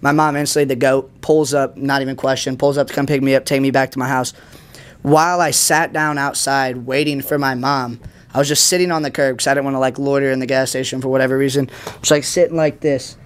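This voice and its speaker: A man's voice: medium pitch, fairly even intonation, fast, clean tone. A young man on a podcast telling a rambling story in casual slang, packed with fillers and acted-out quotes. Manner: dramatic retelling with acted quotes. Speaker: podcast guest.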